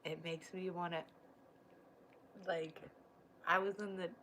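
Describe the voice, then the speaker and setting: A woman in her thirties chatting on a livestream in a low voice, taking her time over every phrase. She rambles warmly and emotionally, breaking into laughter often, with a faint hiss in the background. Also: little pitch movement, slow pace, low-quality recording. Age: 30s. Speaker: livestream host and mother. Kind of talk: casual livestream chat, reading viewer comments.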